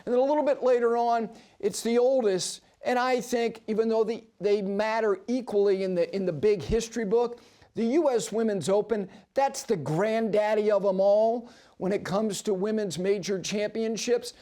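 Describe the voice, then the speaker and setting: A man's voice: sits high, moderate pace. A man hosting a golf talk show on television, telling stories and making emphatic points in a broadcast studio. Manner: animated storyteller with emphatic asides. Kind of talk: broadcast sports commentary.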